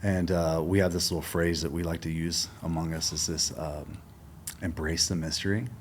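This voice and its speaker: A man's voice: low-pitched, level tone, normal speed, a little hiss or hum. A middle-aged man telling his story as a guest in a casual interview, acting out the dialogue and swearing freely. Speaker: podcast guest.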